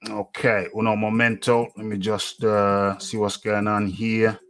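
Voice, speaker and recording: A man hosting a boxing talk show, musing aloud in casual commentary with many fillers and pauses. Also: lowish voice, little pitch movement, fairly bright tone, soft background music. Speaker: boxing radio host.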